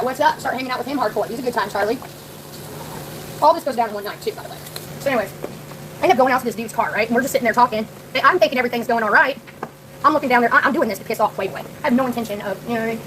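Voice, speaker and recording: A young woman rattles through a story on her live stream, talking straight to her chat. She speaks quickly in a fairly high voice, blunt and full of profanity, with a faint hiss behind her.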